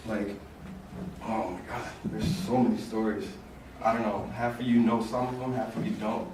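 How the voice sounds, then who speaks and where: A young man giving an informal memorial speech as a fraternity brother, halting and full of fillers like "like" and "you know". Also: on the low side, steady tone, a little mellow. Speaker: eulogy speaker, fraternity brother. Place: large echoey hall at a memorial. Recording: echoey hall, distant voice, room noise.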